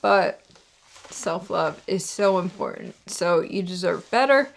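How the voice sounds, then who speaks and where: A woman's voice: on the low side, expressive, slow pace, vocal fry. A young woman talking candidly to camera in a personal vlog, with lots of fillers and sarcastic asides. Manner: candid, frequent "like" and "you know", sarcastic asides. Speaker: vlogger.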